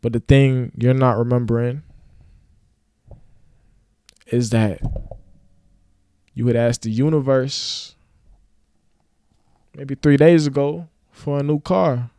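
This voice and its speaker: A man's voice: medium pitch, fairly even intonation, slow pace, long pauses, dark tone, smooth, no room sound, studio quality. A man giving a casual motivational rant to camera, slangy and preachy, now and then acting out mocking voices. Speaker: motivational vlogger.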